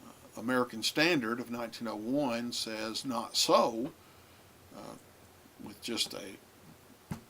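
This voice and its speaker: Male lecturer, unhurried, halting delivery with fillers, faint hiss behind. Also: medium pitch, sharp tone. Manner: halting, many filler pauses. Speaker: Bible translation teacher. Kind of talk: recorded lecture on translation.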